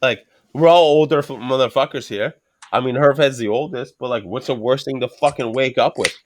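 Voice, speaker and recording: In brisk, profane podcast banter, a middle-aged host rambles animatedly and swears nonstop. His voice is mid-range, with a little hiss or hum in the recording.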